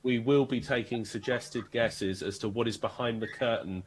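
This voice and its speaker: A man's voice: mid-range voice, moderate pace, slight background noise, low-quality recording. A man co-hosting a live stream with jokey, wry remarks. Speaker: co-host. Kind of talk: casual chat on a live stream.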